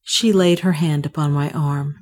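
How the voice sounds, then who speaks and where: Low-voiced woman narrating a story. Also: fairly even intonation, normal speed, a little mellow. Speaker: audiobook narrator. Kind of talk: scripted narration.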